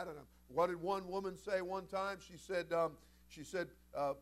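A man, the senior pastor, preaching a sermon with animated delivery that climbs into shouted passages and acts out bits of the stories. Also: sits high, normal speed, hardly any pauses.

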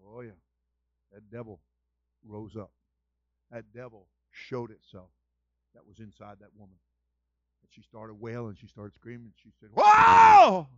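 A male pastor telling folksy stories in a sermon, building to loud, shouted fervor. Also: on the low side, fairly even intonation, moderate pace, pauses often, no echo. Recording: muffled lo-fi dry recording.

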